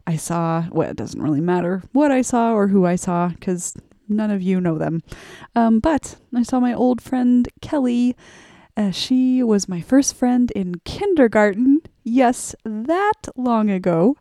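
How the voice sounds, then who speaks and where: A woman's voice: mid-range voice, lively intonation, measured pace, mellow, no room sound, studio quality. A woman in her late thirties from Arkansas, chatting casually and upbeat on her solo podcast, talking straight to her listeners. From Arkansas, USA. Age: late 30s. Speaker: podcast host.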